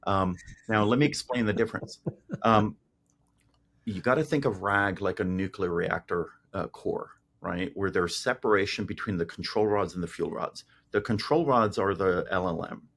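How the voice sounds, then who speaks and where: A man's voice: low voice, moderate pace, creaky, a bit bright. A man, a tech company founder, speaking as a podcast guest and explaining ideas through homely analogies with frequent restarts. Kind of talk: casual interview chat.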